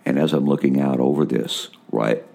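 A man's voice: extremely low pitch, fairly even intonation, moderate pace, gravelly, a little mellow. A man preaching a personal testimony about his visions, emotional and repetitive, often calling his listeners folks.

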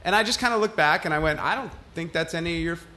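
High, bright-voiced man ranting about a bank visit. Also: racing. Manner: profane, heated storytelling with frequent "like". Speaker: podcast host. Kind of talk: casual chat, telling a story.

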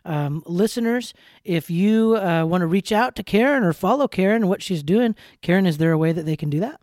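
A man's voice: high-pitched, animated, fairly quick, a little mellow, dry recording, clean studio sound. A man in his thirties hosting a podcast, speaking earnestly and often repeating words as he searches for them. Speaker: podcast host. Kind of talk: heartfelt conversational interview.

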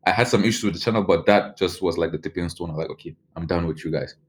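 A fast-talking young man with a low voice and a Nigerian accent, a journalist interviewee, loosely shares his experiences, leaning on "like" and frequently starting over.

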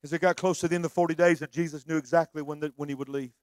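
A man preaching a sermon, shouting fervently at times and dropping to hushed storytelling. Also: a little high, fairly even intonation, racing, no echo.

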